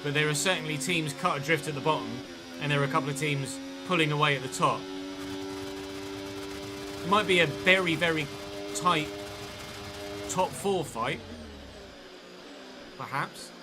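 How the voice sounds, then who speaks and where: A man's voice: on the high side, normal speed, long pauses, loud music behind the voice. An English man chatting and thinking aloud as he commentates on his own live gameplay stream. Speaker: game streamer.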